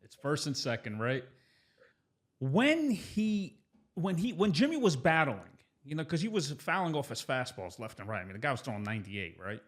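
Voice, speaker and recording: A man hosting a casual interview, asking questions in a relaxed, hesitant way. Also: on the high side, normal speed. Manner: hesitant, with fillers and restarts. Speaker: interview host.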